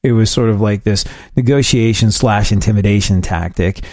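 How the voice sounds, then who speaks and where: A man hosting a radio-style talk show, telling long family anecdotes in a casual, animated way. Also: moderate pace, dry recording, studio quality. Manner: animated anecdote-telling, quotes his dad in a lower voice. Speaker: host. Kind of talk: casual storytelling chat.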